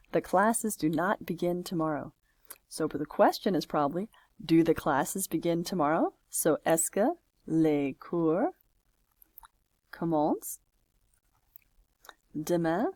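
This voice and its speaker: A woman with a fairly low voice explains French questions one by one, thinking aloud as she clicks through a homework screen. The sound is dry and close, with no room around it. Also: dry recording. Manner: talks through each step aloud, patient and chatty. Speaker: French teacher. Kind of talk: screen-recorded homework walkthrough.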